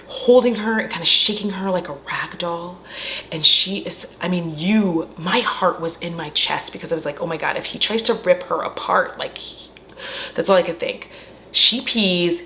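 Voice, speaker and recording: A woman recapping a horror film in a casual, animated way, acting out the characters' lines and swearing freely. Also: on the low side, slight background noise. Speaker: film reviewer. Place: at home.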